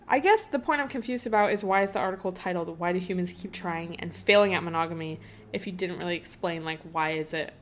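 A woman's voice: fairly low pitch, a little hiss or hum. A young woman hosting a casual solo podcast, thinking aloud in a rambling way with lots of fillers. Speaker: podcast host.

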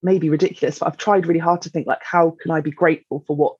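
Husky, flat-toned woman. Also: deep voice, no echo, muffled recording. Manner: reflective, halting, many fillers. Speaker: podcast guest. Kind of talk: candid conversation.

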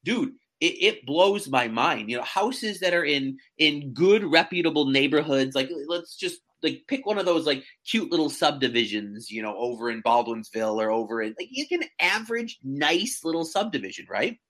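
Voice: medium pitch, expressive, moderate pace, hardly any pauses, fairly bright tone. A real estate agent chatting casually as a podcast guest, telling stories animatedly with many fillers and restarts.

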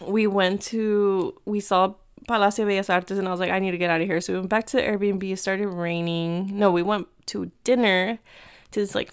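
An American woman in her thirties hosts a podcast, casually chatting her way through a story. Her smooth, clean voice sits at a middle pitch, and she speaks in quick bursts, dropping in Spanish phrases.

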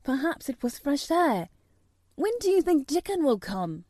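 A woman's voice: sits high, very animated, measured pace, mellow, no echo, clean studio sound, pitched above the performer's own voice. A woman voicing an imperious sickly rich boy who gives orders in a lordly way. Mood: eager. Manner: commanding, lordly.

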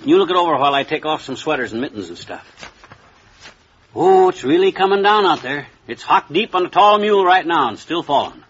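An actor playing a stubborn, blustering middle-aged husband in a 1940s radio comedy. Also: male voice, on the high side, lively intonation, fairly quick, fairly bright tone, husky. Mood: grumbling. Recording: dull lo-fi old radio transcription.

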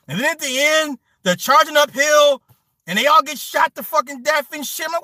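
A man in his thirties hosting a stream, chatting casually, loud and profane, telling stories with animated swings. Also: extremely high pitch, moderate pace, dry recording. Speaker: stream host reading chat. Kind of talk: casual chat.

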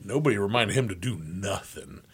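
A man co-hosting a sports talk show in casual chat, animated and laughing often. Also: fairly low pitch, a little fast, slightly rough. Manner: animated, laughs often, shouts when imitating coaches. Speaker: sports radio co-host.

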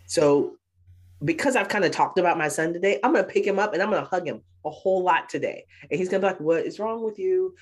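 Lower-voiced woman telling lively stories. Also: fast talker. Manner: animated storyteller, laughs often. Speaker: guest, speaker and author. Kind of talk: casual interview chat.

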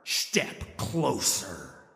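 A man voicing a huge, ravenous ice tiger spirit that scorns the hero, with a gravelly, booming delivery and an echoing reverb effect. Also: big pitch swings, drawn-out words, sharp tone, full character voice. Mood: scornful.

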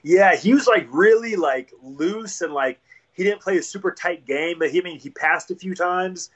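A man's voice: high-pitched, moderate pace, fairly bright tone, muffled recording. A young man, a podcast guest, chatting in an easygoing, self-deprecating way with plenty of filler words. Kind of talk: casual chat.

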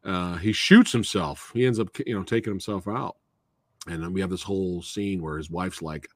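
A man hosting a casual movie discussion, retelling scenes in an animated way and acting out the characters' lines. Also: sits low, normal speed, no echo. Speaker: podcast host.

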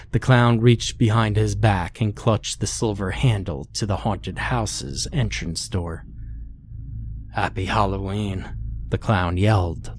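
A man narrating a scary story in a measured, low storytelling delivery. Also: a little mellow, a little hiss or hum. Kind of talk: scripted horror narration.

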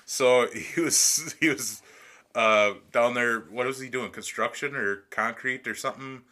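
A man's voice: medium pitch, measured pace, pushed and bright. A man co-hosting a casual podcast with friends, telling crude stories and laughing often. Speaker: podcast co-host. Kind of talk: casual chat among friends.

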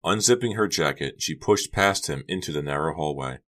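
A man narrating an audiobook in a steady storytelling delivery. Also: rumbling low, moderate pace.

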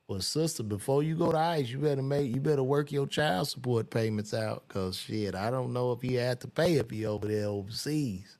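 A man's voice: medium pitch, moderate pace, hardly any pauses, darkish tone. A man casually reading celebrity news aloud and reacting with loose, profane commentary while he browses.

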